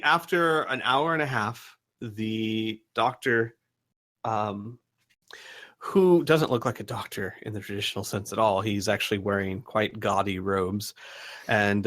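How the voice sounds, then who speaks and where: A man narrating as game master for a tabletop game, halting with frequent ums and restarts. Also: lowish voice, fairly bright tone.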